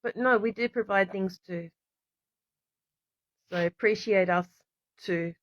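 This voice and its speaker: A woman's voice: mid-range voice, takes it slowly. A woman talks in an emotional, rambling monologue to camera and keeps breaking off to apologize. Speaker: vlogger. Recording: dull lo-fi recording.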